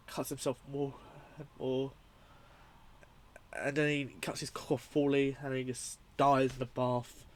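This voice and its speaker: A young man reviewing a horror film in a casual, rambling, profane and excitable way. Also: medium pitch.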